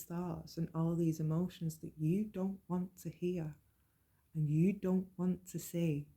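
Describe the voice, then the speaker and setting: Creaky, dark-toned woman, earnest. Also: on the low side, little pitch movement. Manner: earnest, measured, plain-spoken. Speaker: podcast host. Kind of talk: personal monologue on mental health.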